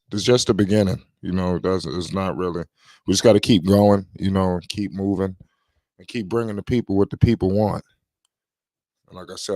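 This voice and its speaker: A man's voice: low-pitched, a little mellow, dry recording, studio quality. A man hosting a casual chat in a laid-back way, leaning on "you know".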